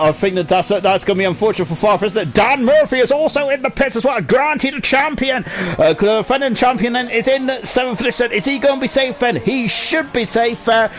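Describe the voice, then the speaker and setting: A young man with a high, light voice calls a sim race live. He rambles cheerfully, leans on fillers and keeps tagging his lines with little questions. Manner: chatty, ends lines with tag questions, many fillers. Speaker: sim racing commentator.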